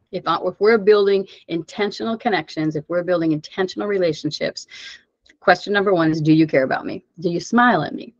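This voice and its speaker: A woman gives a coaching webinar in an animated, conversational style and keeps asking the audience rhetorical questions. The video-call audio sounds dry and a little dull, with no room echo. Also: medium pitch. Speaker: webinar presenter. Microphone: video call mic.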